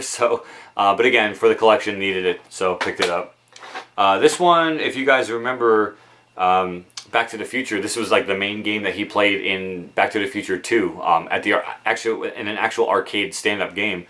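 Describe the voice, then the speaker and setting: A man with a somewhat low voice chats casually at home in his game room, speaking into a camera mic. His talk is relaxed and rambling, full of ums, uhs and restarts. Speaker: video game collector vlogger. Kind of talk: casual show-and-tell of game purchases.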